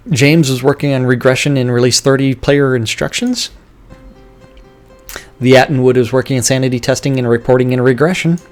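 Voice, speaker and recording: A man's voice: medium pitch, a little mellow. A man hosting a livestream, reading a list of team updates with casual asides. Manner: brisk list-reading, breaking into laughing banter. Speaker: host.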